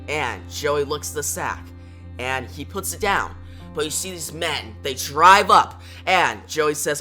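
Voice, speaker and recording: A man's voice: on the high side, animated, measured pace, bright, forceful tone, faint music behind. A man casually retelling a comic book story in the present tense and reading every line of dialogue himself. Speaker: comic book recap narrator.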